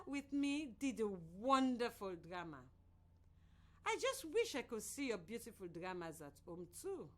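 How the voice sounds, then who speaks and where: A woman from Sierra Leone teaching a children's reading lesson on the radio in a slow, clear, sing-song voice. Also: fairly high pitch, big pitch swings, fairly bright tone.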